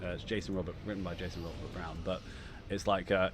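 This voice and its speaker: A man's voice: low-pitched, flat delivery, fast talker, noisy background. A man hosting a casual live stream, rambling and repeating words as he announces giveaways. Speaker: livestream host.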